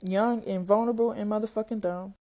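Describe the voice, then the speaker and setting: A woman's voice: mid-range voice, steady tone, brisk, mellow. A young adult woman telling a personal story on camera in a candid, blunt, profane and emotional way. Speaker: vlogger.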